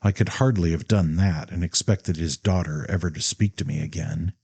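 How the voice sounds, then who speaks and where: A man's voice: deep voice, moderate pace, vocal fry, dark tone, husky, full character voice. A man voicing a proud, hot-tempered young man who speaks sharply, coldly and emphatically. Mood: bitter cold.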